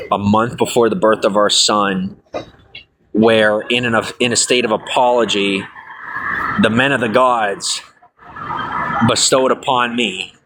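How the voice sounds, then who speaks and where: A man in his thirties telling his life story casually to a livestream audience, rambling with fillers and self-corrections, laughing things off and jumping up in pitch when excited.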